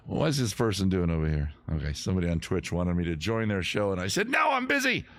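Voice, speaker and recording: A man's voice: low voice, no room sound, studio quality. Joking man hosting a beer stream. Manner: joking, rambling, self-mocking, drops to a whisper for asides. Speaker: host of a livestream music and beer show. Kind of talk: casual livestream chat and singing with guitar.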